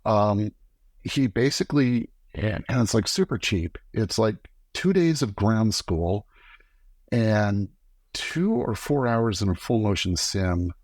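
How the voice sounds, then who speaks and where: A middle-aged man, a guest on a podcast, telling lively stories and acting out the lines of people he quotes. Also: lowish voice, slow pace, dry recording. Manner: animated storyteller acting out quoted dialogue. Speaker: podcast guest, former camera operator. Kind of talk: casual storytelling interview.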